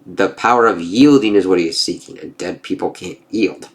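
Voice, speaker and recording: A man's voice: deep voice, moderate pace. A man reviewing a comic in a loose, casual way, swearing and saying "uh" and "it's like" often. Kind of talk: casual spoken review, reading aloud.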